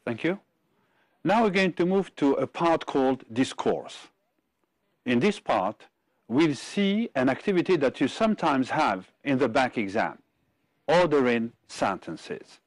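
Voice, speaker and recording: A man from Algeria co-teaching an English exam-prep lesson on television, reading words out slowly and deliberately. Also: mid-range voice, very animated, no room sound. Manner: slow, deliberate word-by-word reading.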